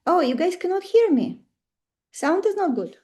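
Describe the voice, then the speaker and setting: A woman's voice: very high-pitched, sing-song, normal speed, mellow. A woman with a Russian accent teaching an online astrology class. She talks in a chatty way and keeps asking the class questions.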